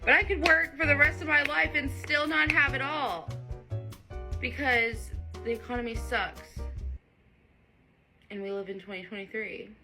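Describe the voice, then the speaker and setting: A woman's voice: high-pitched, fairly even intonation, measured pace, pauses often, over music, low-quality recording. A woman griping to the camera in a wistful monologue.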